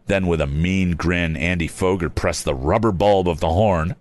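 Low-voiced man reading an old storybook. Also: moderate pace. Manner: chatty, adds wry asides. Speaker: reader. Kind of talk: casual storybook read-aloud.

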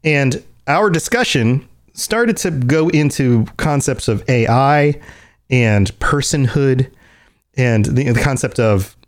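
A man's voice: mid-range voice, animated, slow. A man hosting a podcast, talking casually and thinking aloud with frequent restarts. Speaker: podcast host.

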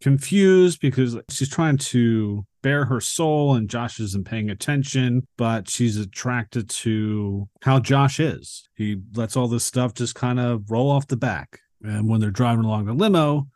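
A man's voice: medium pitch, measured pace, hardly any pauses, no room sound. Man casually recapping a movie, dry sound. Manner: animated retelling, acting out characters' lines. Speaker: podcast co-host.

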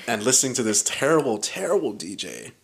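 A man in his thirties casually telling a story in a podcast chat, animated and swearing often, acting out what people said. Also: medium pitch, fairly quick, gravelly. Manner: animated, profane, acts out quoted lines.

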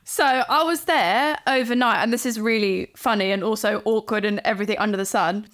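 A young woman chatting casually on a podcast, animated and giggly, acting out moments from her story. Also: medium pitch, a little fast. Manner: animated, giggly, acts out what people said. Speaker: podcast co-host. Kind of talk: casual chat.

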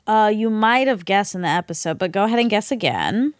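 Playful, lively-voiced female co-host. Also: mid-range voice, a little fast, dry recording, clean studio sound. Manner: playful, teasing, lively intonation. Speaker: podcast co-host. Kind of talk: casual chat and reading fact-checks.

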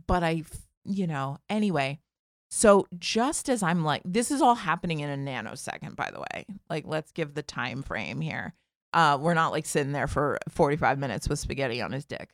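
Telling a funny story from her own life as a podcast guest, this woman in her forties is animated, says "like" constantly, and performs the voices of everyone in it. She speaks at a moderate pace in a low voice, and the recording is dry and studio quality.

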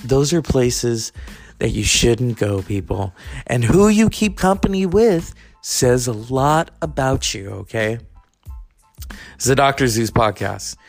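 A man's voice: mid-range voice, sing-song, slow pace, no echo, soft background music. A man from California hosting his own podcast, rambling through stories with profane, chatty asides. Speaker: podcast host. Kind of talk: casual monologue.

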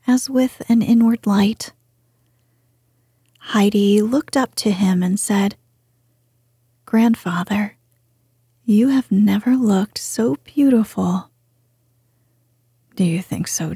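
Soothing woman narrator: breathy bedtime whisper, slow, close-miked and dry. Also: on the high side, dark tone, no echo. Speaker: storyteller.

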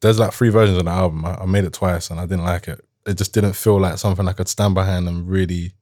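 A young man speaks in a very deep, low voice, thoughtful and unhurried in his reflections. He chats casually as an interview guest, often reaching for "like" as he thinks. The sound is close and dry, with no room around it. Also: steady tone, a little mellow, no room sound. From South London, England. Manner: reflective, thoughtful, lots of "like" fillers. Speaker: musician guest.

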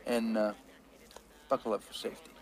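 A man's voice: on the low side, level tone, fairly quick, darkish tone, close to an everyday voice. An actor playing a brusque male traffic cop in film dialogue. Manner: brusque, mocking authority.

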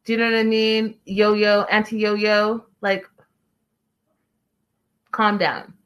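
A woman's voice: mid-range voice, little pitch movement, takes it slowly. A woman casually recapping a reality show, chatty and opinionated, reading viewer comments aloud.

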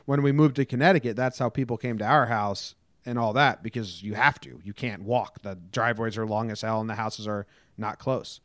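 Young man, mid-pitched voice, wry joking co-host, dry close mic. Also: steady tone, a little fast, hardly any pauses, fairly bright tone, dry recording. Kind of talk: casual chat.

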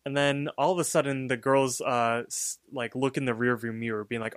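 A man co-hosting a podcast talks through a cartoon episode in a loose, filler-heavy way. His voice sits in a middle pitch and the recording is dry and close. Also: brisk, no room sound. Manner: relaxed, filler-heavy storytelling. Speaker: podcast co-host. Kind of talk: casual episode recap.

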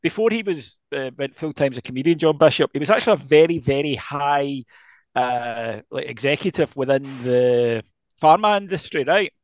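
A man's voice: mid-range voice, moderate pace, no echo, dull audio. A man chatting casually as a podcast co-host, rambling and self-deprecating with lots of restarts. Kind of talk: casual chat.

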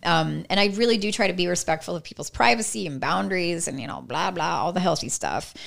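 Female guest, gravelly voice, animated storyteller who laughs easily. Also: lowish voice, fast talker. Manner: animated, laughs often, acts out quotes. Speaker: pet psychic guest. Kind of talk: casual storytelling chat.

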